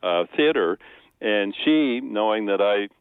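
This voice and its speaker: An older man from the American Midwest, a playwright guest on a radio interview, telling animated stories and now and then quoting others. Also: fairly low pitch, unhurried, clean tone, dry recording, narrow, tinny audio. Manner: animated storyteller, slips into quoted voices.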